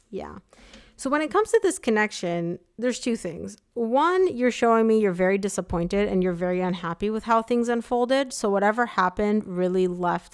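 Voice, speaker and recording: A woman's voice: mid-range voice, clear, resonant tone. Chatty young woman giving a tarot reading. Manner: chatty, empathetic, filler-heavy with frequent "like" and "um". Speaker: tarot reader. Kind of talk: casual live tarot reading.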